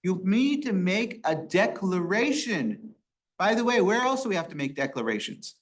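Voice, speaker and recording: A rabbi leading a Torah study class, asking rhetorical questions and quoting Hebrew verses. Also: male voice, sits high, very animated, normal speed. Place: synagogue classroom.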